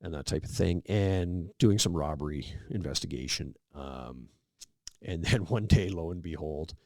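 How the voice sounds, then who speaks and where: Very deep, gravelly-voiced man telling stories. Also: normal speed, dry recording, studio quality. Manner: relaxed anecdotal storyteller, acts out quoted dialogue. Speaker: podcast guest. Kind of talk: casual storytelling interview.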